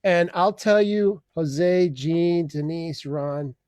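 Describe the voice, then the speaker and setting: A man's voice: a little high, a little mellow, no echo. Male open-mic host, loose rambling comedy rant, profane, dry close sound. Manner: rambling, profane, with quick voice changes. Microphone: video call.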